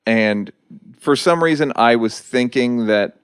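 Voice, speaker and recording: A man's voice: mid-range voice, measured pace, smooth, dry recording. Dry-voiced man telling a casual story. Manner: profane, dry storytelling with quoted impressions. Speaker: guest comedian.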